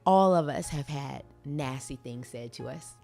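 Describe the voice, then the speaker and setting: A woman hosting a casual podcast chat, animated and playful, laughing often and teasing herself. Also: extremely low pitch, measured pace, creaky, soft background music. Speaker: podcast host.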